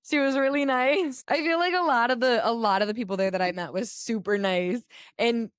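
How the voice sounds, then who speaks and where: A woman's voice: on the high side, fairly quick, smooth, dry recording, studio quality. A young American woman co-hosting a podcast, chatting casually with lots of filler words. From United States. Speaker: podcast co-host. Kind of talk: casual chat.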